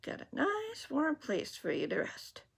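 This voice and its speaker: A woman voicing a soft-spoken, gentle man in black who coaxes a lost boy, reading a storybook aloud. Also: high voice, measured pace, creaky, pitched above the performer's own voice, heavily acted. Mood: coaxing. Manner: calm, coaxing, quietly spoken.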